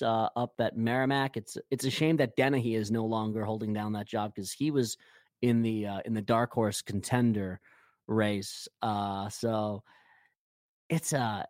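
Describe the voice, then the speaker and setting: Low-voiced man in casual hockey chat. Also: no echo, studio quality. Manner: rambling, with frequent fillers and restarts. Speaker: podcast co-host.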